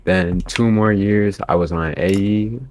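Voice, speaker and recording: A man's voice: fairly low pitch, steady tone, measured pace, darkish tone. A man talking casually about his experience, rambling with lots of fillers. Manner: laid-back, rambling with many fillers. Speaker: podcast guest editor. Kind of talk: casual chat.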